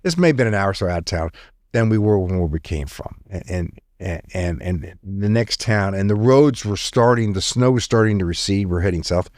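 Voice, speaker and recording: A man's voice: deep voice, normal speed, no echo, studio quality. A middle-aged man, a podcast guest, telling a long story in conversation and acting out the dialogue he quotes. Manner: animated storyteller who acts out quoted dialogue. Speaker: podcast guest, retired intelligence officer.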